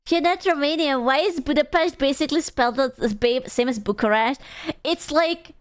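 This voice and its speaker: This time her voice sits high and she speaks briskly. She's the young Hungarian streamer again, accent and all, teasing her audience, wandering off topic and cursing without restraint.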